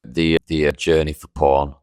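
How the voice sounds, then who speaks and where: A man co-hosting a podcast, an animated storyteller who swears a lot. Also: rumbling low, normal speed, no room sound, clean studio sound. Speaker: podcast co-host. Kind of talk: casual chat.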